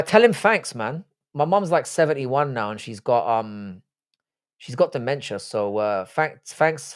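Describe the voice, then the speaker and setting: Profane, joking man hosting a stream. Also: medium pitch. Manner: blunt, profane, joking banter. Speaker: livestream host. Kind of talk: casual live-stream chat reacting to viewer comments.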